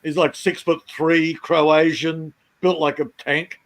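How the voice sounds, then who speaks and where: A man in casual chat telling army stories in a halting way, with many restarts. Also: a little high, level tone, a bit bright. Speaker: chat participant.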